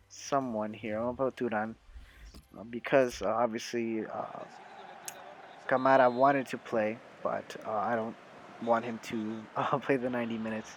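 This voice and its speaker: A man's voice: medium pitch, slight background noise, low-quality recording. A young American man giving casual, chatty commentary over a football video game, talking to his viewers with lots of fillers and self-corrections. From United States. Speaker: gaming YouTuber.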